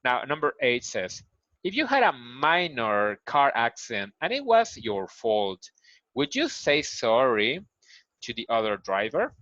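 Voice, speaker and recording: A male English teacher with a Spanish accent works through textbook questions, repeating key phrases and acting out example lines. His voice sits at a middle pitch. The recording is dull and lo-fi, with a dry sound and no room echo. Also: huge pitch swings, measured pace, sharp tone. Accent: Mexican Spanish. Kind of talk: recorded online grammar lesson.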